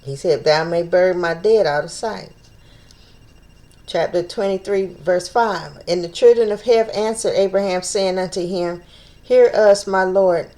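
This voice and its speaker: A woman's voice: lowish voice, unhurried, dark tone. A woman leading an informal Bible study, reading scripture aloud and stopping to think aloud about it, stumbling over old names and repeating phrases as she works things out.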